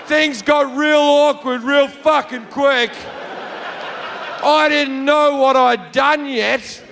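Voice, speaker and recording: A brash, profane Australian man tells a stand-up story. His voice is high with a gravelly edge, and he builds up to shouts. The sound rings through a long-reverb hall, with a faint audience and some background noise. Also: fairly even intonation, slow pace, some chatter behind. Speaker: stand-up comedian. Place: comedy stage before a live audience.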